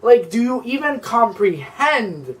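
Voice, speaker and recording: A man's voice: very high-pitched, sing-song, slow pace, recorded from a distance, low-quality recording. Young male vlogger, sassy and foul-mouthed, rambling story time, camera mic set back. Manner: sassy, profane, rambling with constant "like".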